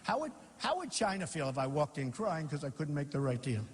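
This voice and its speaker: A man delivering an improvised campaign rally speech in a large venue, his fairly high voice swooping up and down with lively emphasis. He rambles, repeats phrases and boasts, and the sound trails off in a long hall reverb. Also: brisk. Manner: rambling, repetitive, boastful and mocking. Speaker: political candidate.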